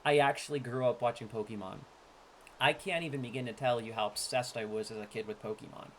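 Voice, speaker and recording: A man in his thirties talking casually to his stream while opening card packs. He swings between boastful, loud trash-talk and low, laid-back asides. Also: fast, slight background noise.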